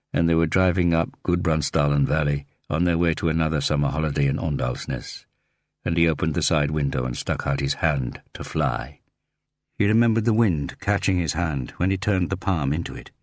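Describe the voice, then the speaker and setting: A man reading a thriller audiobook in a steady, measured narration. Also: rumbling low, dry recording, studio quality.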